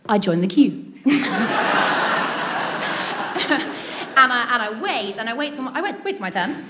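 A British woman with a somewhat high voice tells a personal anecdote to a live audience. She keeps it chatty and amused, poking fun at herself as she goes. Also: sing-song, unhurried, heavy background noise. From Britain. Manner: chatty, amused, self-mocking. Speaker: storyteller.

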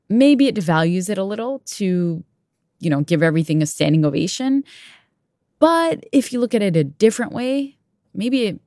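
A woman's voice: lowish voice, darkish tone, no echo, studio quality. A woman co-hosting a talk podcast, thinking aloud in a casual, chatty way. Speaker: podcast co-host. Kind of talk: conversational radio chat.

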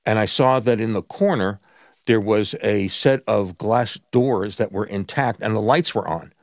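A man with a low voice tells his story to an interviewer in a vivid, deliberate way. The sound is dry and close. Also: no room sound. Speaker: interview guest. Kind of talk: recounting in a broadcast interview.

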